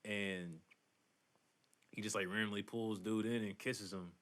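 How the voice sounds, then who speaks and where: A man's voice: lowish voice, steady tone, measured pace, fairly bright tone. A man co-hosting a casual podcast, recapping a show in a rambling way with lots of fillers. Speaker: podcast co-host. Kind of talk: casual chat.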